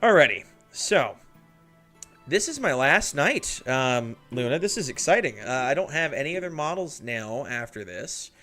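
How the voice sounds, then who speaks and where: A man's voice: medium pitch, big pitch swings, a little slow, bright, forceful tone, soft background music. Chatty man hosting a hobby livestream. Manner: chatty, laughs often, talks to chat viewers by name. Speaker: livestream host building miniatures. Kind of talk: casual livestream chat. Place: home hobby desk.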